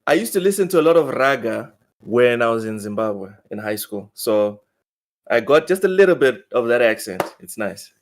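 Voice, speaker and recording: A man's voice: medium pitch, sing-song, moderate pace. Casual male podcast host, stammering. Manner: stammers and repeats words.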